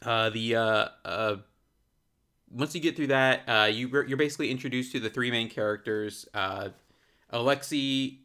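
Guy with a bright voice, rambly and sarcastic, kinda tipsy, chatting about a movie. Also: medium pitch, moderate pace, smooth. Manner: rambling, sarcastic, laughs often. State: a bit tipsy. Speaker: podcast host reviewing a movie. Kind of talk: casual chat.

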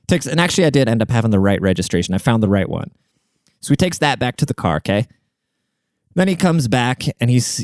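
A young man from Washington State rambles through a story in a loose, conversational monologue, peppered with swearing. His voice is mid-pitched, smooth and clear. It is recorded dry and close, with no room sound. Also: darkish tone, no echo. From Washington State, USA.

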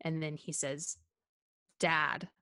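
A woman in casual podcast conversation, her voice sitting a little low and her delivery unhurried and slow. She talks earnestly with frequent hesitations and restarts. She sounds sincere and invested. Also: flat delivery, sharp tone, clear, resonant tone. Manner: hesitant, many ums and restarts, laughs often; earnest and heartfelt. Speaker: podcast co-host. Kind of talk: casual film discussion chat.

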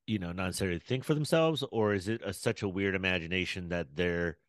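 A man's voice: sits low, fast, no echo. A man in casual podcast chat, musing and asking reflective questions.

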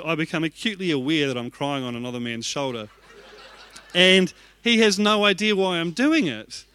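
Bright-voiced pastor telling a story. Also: male voice, sits high, smooth, no room sound. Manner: self-deprecating, acts out his own reactions. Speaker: executive pastor. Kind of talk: storytelling sermon.

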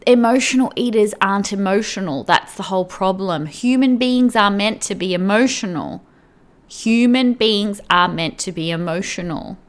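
A woman's voice: mid-range voice, moderate pace. A woman coach giving earnest direct advice to the viewer, often checking in with "right?" and "okay?". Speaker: weight-loss coach.

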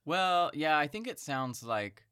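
A man's voice: a little high, very animated, unhurried, bright, forceful tone, clean tone, dry recording, studio quality. A man in casual conversation, explaining patiently and hedging with "I think" and "like".

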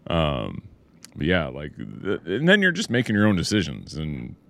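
A man with a low voice in relaxed conversation. He reflects out loud, dotting his speech with casual fillers. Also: normal speed, vocal fry, no room sound. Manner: relaxed, reflective, frequent "like" and "you know". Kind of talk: casual chat.

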